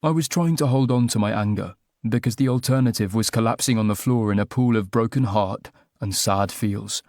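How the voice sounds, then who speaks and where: A man's voice: on the low side, brisk, darkish tone, no echo, clean studio sound. A man narrating a first-person romantic comedy audiobook with a wry, self-mocking comic delivery.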